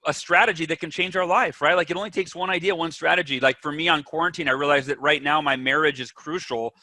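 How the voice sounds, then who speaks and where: A man's voice: on the high side, fairly even intonation, fast, sharp tone. A man guest on a podcast, talking with energy and emphasis and acting out the voices in people's heads. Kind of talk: animated interview talk.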